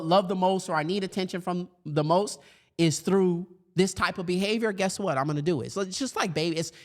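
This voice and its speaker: Animated man in his thirties telling a story. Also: high-pitched. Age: 30s. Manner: animated storyteller, acts out his younger self in a raised voice. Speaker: speaker for educators. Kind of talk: storytelling keynote talk.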